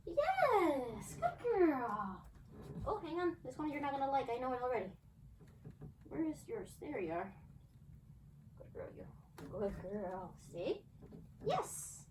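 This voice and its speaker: A woman's voice: high-pitched, animated, moderate pace, long pauses. A woman dog trainer at home explaining a demo and praising her dogs in upbeat bursts. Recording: voice from a distance, faint background noise.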